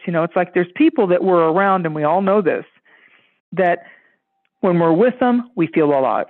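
High-voiced man on a tinny phone line. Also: normal speed. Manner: animated, acts out quoted voices. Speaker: podcast guest. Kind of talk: casual storytelling chat.

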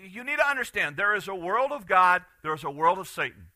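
A man preaching a sermon as pastor, animated, swinging from loud bursts to quiet asides. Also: high voice, fairly quick, no echo.

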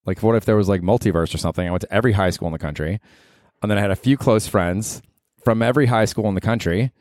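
A man's voice: fairly low pitch, fast talker, darkish tone, no echo, studio quality. A man, a comedian from the Tampa area, hosting a rambling, sweary comedy podcast monologue. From Tampa area, Florida.

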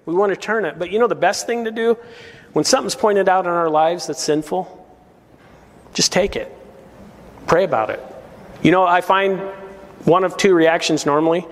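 A man's voice: high voice, moderate pace, pauses often, big-room sound. A man preaching a verse-by-verse sermon as pastor, earnest and emphatic, often putting rhetorical questions to his congregation.

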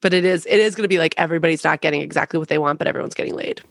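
A woman in casual chat about a TV show, chatty, slipping into animated quoted voices and laughing often. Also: low voice, racing, vocal fry, no echo. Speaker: podcast co-host.

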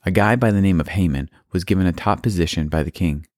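A man's voice: low-pitched, fast talker, a little mellow, no room sound, clean studio sound. A man narrating a Bible story for children, plainly with playful asides.

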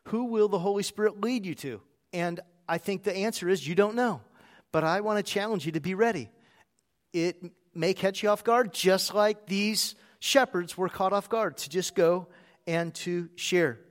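A man's voice: high-pitched, moderate pace. A man preaching a sermon as a pastor, in a conversational storytelling way.

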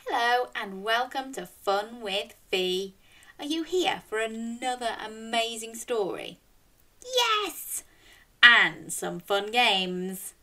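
A woman's voice: a little high, slow pace, pushed and bright. A woman hosting a storytime for young children, reading a picture book aloud and coaxing listeners to join in with animal sounds.

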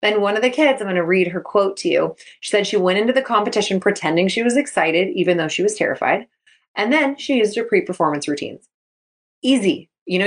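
Upbeat coach lady in her 30s chatting on her podcast, middle pitch, talks fast and lively. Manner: upbeat, chatty, acts out quotes. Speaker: sports mindset coach and podcast host. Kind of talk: casual solo podcast talk.

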